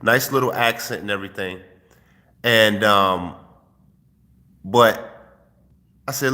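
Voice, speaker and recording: Profane streetwise man preaching, bright voice. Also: fairly low pitch, slow, long pauses, in a large hall. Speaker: host giving dating advice. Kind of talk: casual vlog monologue. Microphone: phone held while filming.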